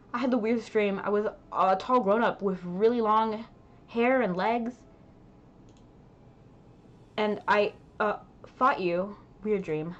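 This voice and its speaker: A woman's voice: mid-range voice, muffled recording, close to an everyday voice. A woman voicing a cheerful, innocent little girl in a game, with a light, bouncy lilt. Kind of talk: reading game dialogue aloud.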